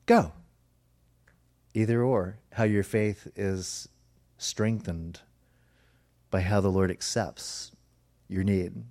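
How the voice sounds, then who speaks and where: A pastor with a lowish voice preaches a sermon earnestly and emphatically, now and then slowing down to put a soft, drawn-out stress on his words.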